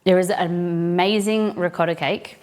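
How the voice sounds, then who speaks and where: A woman's voice: on the low side, fairly even intonation, normal speed, a little mellow. A woman hosting a live cooking stream, chatting casually with viewers and greeting them by name.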